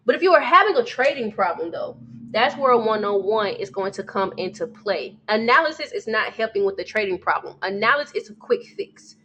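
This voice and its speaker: A woman's voice: medium pitch, expressive, fairly quick, fairly bright tone, slight background noise. Casual woman trading coach. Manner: casual, talks to viewers, calls them sweetie and baby. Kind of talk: live-stream chart analysis.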